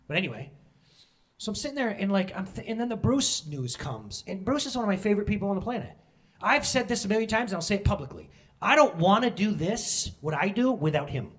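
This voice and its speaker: A male pastor preaching with a lively, swooping voice that sits a little high for a man. He talks frankly and jokes with his listeners, then cuts loose in loud emotional bursts. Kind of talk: sermon.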